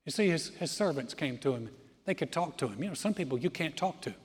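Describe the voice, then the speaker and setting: Husky-voiced preacher in an echoing hall. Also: male voice, on the high side, fast. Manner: animated storytelling, often says "man", swings from loud to quiet. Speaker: pastor. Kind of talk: sermon. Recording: long hall reverb.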